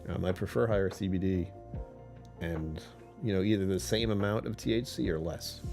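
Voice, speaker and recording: Man, casual live stream chat, low voice, lively swings, faint music behind. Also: moderate pace, creaky. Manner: chatty, rambling, joking.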